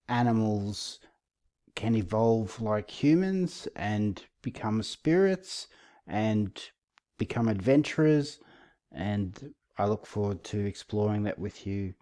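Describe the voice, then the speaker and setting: Male video host, warm low-key tone, easygoing sarcastic delivery. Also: slow. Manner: relaxed, self-aware, a bit sarcastic. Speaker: channel host. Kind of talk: casual commentary video.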